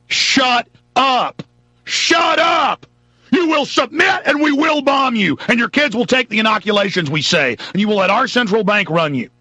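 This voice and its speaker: A man voicing a sneering, menacing government tyrant who shouts threats with contempt. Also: high-pitched, animated, fast, hardly any pauses, dry recording, voice pushed up, exaggerated voice. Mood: menacing, shouting.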